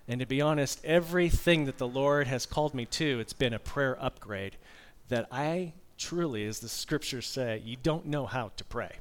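A man's voice: mid-range voice, normal speed, hardly any pauses. Man in his fifties preaching conversationally. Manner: conversational storytelling with candid asides. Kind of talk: sermon.

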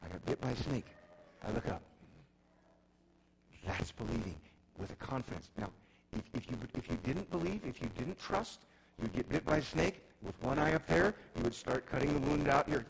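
Gravelly middle-aged pastor preaching. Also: male voice, medium pitch, lively intonation, moderate pace, a little hiss or hum, poor audio. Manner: repeats and restarts words, swings between loud emphasis and quiet intensity. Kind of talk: sermon.

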